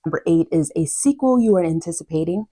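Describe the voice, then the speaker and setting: A young woman chatting casually to camera as a book vlogger, drifting into quiet asides. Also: on the low side, lively intonation, fast, breathy edge.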